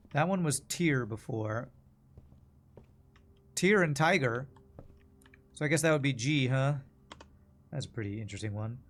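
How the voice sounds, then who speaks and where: With a gravelly, medium-pitched voice, a man offers casual commentary as he streams a puzzle game. He mutters along, thinking out loud both to himself and to his chat.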